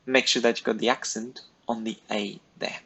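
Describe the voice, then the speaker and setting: Husky-voiced male French teacher. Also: medium pitch, little pitch movement, normal speed, sharp tone, highs cut off. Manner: patient, step-by-step, clearly paced directions to pupils. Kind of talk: recorded classroom lesson instructions.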